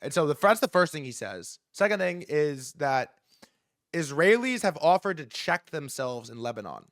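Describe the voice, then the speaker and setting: Speaking at a normal speed in a voice on the high side, a young man rants casually on his livestream, swearing freely and performing the words of the people he quotes. The sound is studio quality, with no room sound at all.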